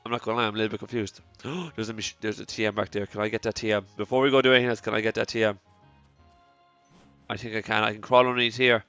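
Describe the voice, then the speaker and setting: A man's voice: lowish voice, level tone, fast talker, a bit bright, dry recording. An Irish man hosting a let's play, talking casually and rambling with plenty of restarts and self-deprecating asides. The sound is dry, with faint music behind him. The recording is slightly dull. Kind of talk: casual gameplay commentary.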